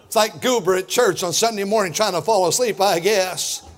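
A middle-aged man preaching a fiery sermon as pastor, loud and boisterous, building to shouts. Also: high-pitched, moderate pace, a little hiss or hum.

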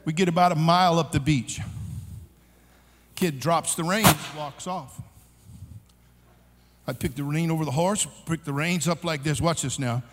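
A man preaching at a youth conference, telling a comic story with shouts and laughs. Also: fairly high pitch, measured pace, pauses often. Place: large conference hall. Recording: long hall reverb.

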